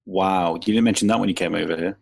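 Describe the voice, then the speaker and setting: A man's voice: low voice, steady tone, fast talker, vocal fry, darkish tone, poor audio. A British man as a podcast guest, teasing and sarcastic in casual banter and swearing a lot.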